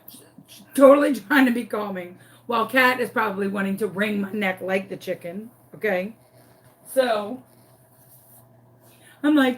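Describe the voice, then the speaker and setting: A woman telling a comic story in a craft tutorial, animated, dramatic and self-mocking. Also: mid-range voice, moderate pace, pauses often. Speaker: crafting vlogger.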